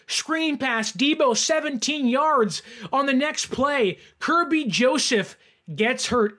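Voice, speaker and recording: Man, high-pitched voice, sports reaction host, animated fan rant. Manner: animated, fan ranting with rising shouts. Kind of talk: excited sports reaction monologue.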